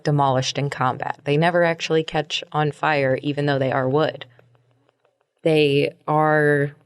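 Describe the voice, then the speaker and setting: Gravelly-voiced woman musing aloud. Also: low-pitched. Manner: rambling, repeats words, frequent fillers and laughs. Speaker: podcast host. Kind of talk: reflective solo monologue.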